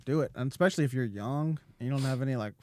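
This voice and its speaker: A man hosting a podcast in relaxed casual chat, easygoing and agreeable. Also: medium pitch, rapid-fire, dry recording, clean studio sound. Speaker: podcast host.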